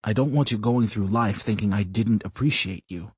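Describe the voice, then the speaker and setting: A man's voice: on the low side, moderate pace, darkish tone, slightly rough, no echo. A man playing an earnest middle-aged husband. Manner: earnest, a bit hesitant. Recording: slightly muffled recording.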